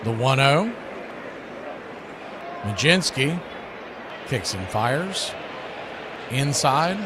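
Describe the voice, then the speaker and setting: A man's voice: sing-song, very slow, background noise. Folksy man calling baseball. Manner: folksy, chatty, asides between pitches. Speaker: radio play-by-play host. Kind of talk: baseball play-by-play commentary.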